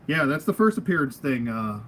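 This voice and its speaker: Brisk and sing-song, this man's medium-pitched voice is a bit bright, with slight background noise. As a toy reviewer and channel host, he does a casual unscripted product review at home at a table of figures, rambling, acting goofy and laughing at himself.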